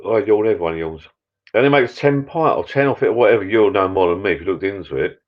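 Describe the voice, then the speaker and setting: A very low-voiced man rambles through a casual live-stream chat from his backyard pub shed. He grumbles, cuts himself off and wanders between topics. The audio sounds dull and lo-fi. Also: lively intonation, quick pace. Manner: rambling, chatty, self-interrupting, grumbling.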